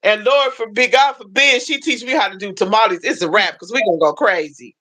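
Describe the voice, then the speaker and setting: A woman hosting a casual livestream chat, telling animated stories and acting out the people she quotes. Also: a little fast, rough recording. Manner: animated storyteller, acts out quoted voices with high pitch. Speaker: livestream host. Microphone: phone livestream.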